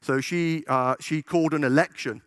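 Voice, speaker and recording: A man's voice: a little high, steady tone, moderate pace, fairly bright tone, smooth, dry recording. Guy doing a conference talk, jokey, keeps asking the crowd "yeah?", dry close sound. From United Kingdom. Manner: chatty, joking, checks in with the audience. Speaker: conference speaker. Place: conference hall stage.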